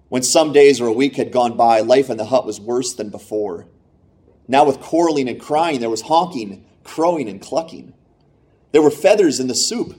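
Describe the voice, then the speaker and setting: A man preaching a sermon, telling a story and reading scripture in a steady, measured way. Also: medium pitch.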